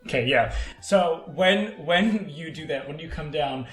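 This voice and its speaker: A man's voice: on the high side, expressive, measured pace, a bit bright, soft background music. A man running a tabletop fight as game master, explaining rules and narrating action in a loose, rambling way. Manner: loose, rambling, laughing asides. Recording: roomy echo.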